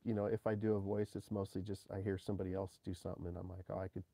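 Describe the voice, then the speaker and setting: A man's voice: low voice, level tone, racing, gravelly, mellow, no room sound. Chatty male host, dry close sound. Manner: chatty, rambling questions. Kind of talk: casual chat.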